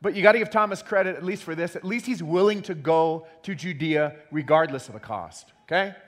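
Man preaching, animated, acts out quotes, slightly high voice, reverberant hall. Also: fairly quick. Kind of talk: sermon.

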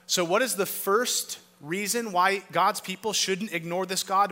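A man preaching a sermon as pastor, with emphatic rhetorical questions, rising loud and then dropping to a hush. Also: high voice, measured pace, few pauses. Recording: long reverb of a large hall.

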